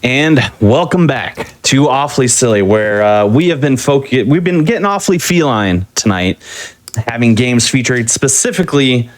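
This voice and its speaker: A man's voice: mid-range voice, animated, normal speed. A man hosting a livestream show, chatting casually and plugging the schedule in an upbeat way. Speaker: show host.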